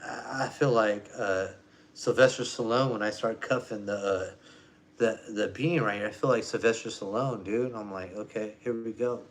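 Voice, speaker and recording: A man ranting in a rambling, low-key, muttering monologue. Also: normal speed. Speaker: vlogger.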